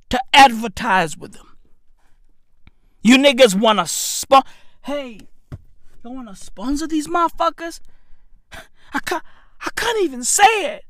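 Comic ranter, man from South Africa, high bright voice, dry close sound. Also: dry recording. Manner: loud profane ranting, mocking. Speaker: comedian ranting. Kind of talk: comedic rant.

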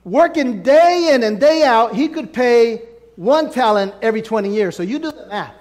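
A man preaching a sermon in a notably high voice, pushing certain words loud and letting others drop to almost nothing. His delivery is emphatic and sweeping. The sound carries a long reverb, like a large church hall. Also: lively intonation, normal speed. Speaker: pastor.

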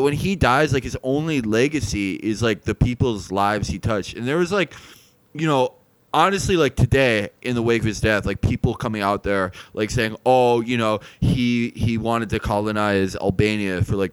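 A man plays a clueless, crude influencer host who rambles and swears, his voice smooth and resonant. It sounds dry and close, and he climbs higher and louder whenever he gets worked up. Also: moderate pace, no room sound, natural voice, poor audio. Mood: deflated. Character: male clueless influencer host, mid-twenties, crude and self-absorbed. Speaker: podcast host. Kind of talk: improvised comedy podcast, deadpan parody.

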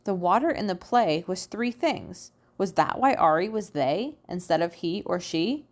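A woman reading a children's storybook aloud in an expressive, sing-song way. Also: fairly low pitch, unhurried. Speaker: storybook reader. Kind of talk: children's read-aloud narration.

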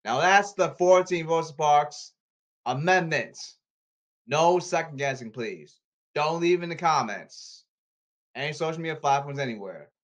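A man hosting a solo podcast, ranting with exasperation and repeating himself, his pitch leaping and his loudness swinging. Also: a little slow. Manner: animated, erratic pitch leaps and volume swings. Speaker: podcast host.

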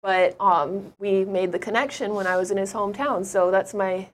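A woman's voice: medium pitch, steady tone, normal speed, slight background noise. A woman guest on an interview show, chatting through her travel stories in an upbeat, rambling way. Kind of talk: conversational travel storytelling.

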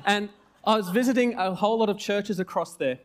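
A male preacher in his forties delivers a sermon with a light, joking manner and plenty of rhetorical questions. His voice sits a little higher than most men's, and he talks like he is chatting with the congregation rather than reading a text. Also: brisk. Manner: animated, jokey and conversational.

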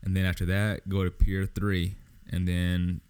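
A bossy male supervisor hands out orders flatly, as a man quotes him in his own low voice. He sounds matter-of-fact and a bit too casual. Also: measured pace, clean tone. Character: condescending male supervisor, suddenly friendly.

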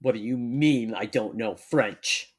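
A young man co-hosting a relaxed talk. He jokes around and laughs often. When he reads aloud, he slows to a measured pace, with an average pitch for a man. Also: breathy edge. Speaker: podcast co-host. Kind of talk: casual chat and reading aloud.

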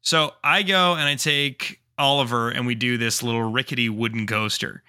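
Bright-voiced man in his thirties telling a story. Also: medium pitch, steady tone, moderate pace, clean tone. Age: 30s. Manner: rambling, loose, with frequent fillers. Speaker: podcast co-host. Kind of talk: casual storytelling.

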